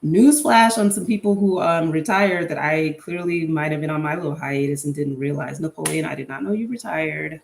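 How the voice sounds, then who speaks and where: A woman's voice: sits low, normal speed, vocal fry, few pauses, echoey room. A young adult woman hosting a casual solo podcast, chatty and candid with an opinionated, filler-heavy way of talking. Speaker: podcast host.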